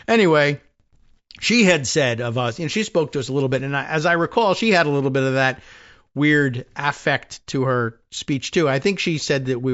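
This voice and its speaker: A man's voice: mid-range voice, expressive, normal speed, a bit bright, dull audio. A man hosting a podcast, telling a rambling, wry story in a casual monologue with many restarts. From New Jersey. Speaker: podcast host.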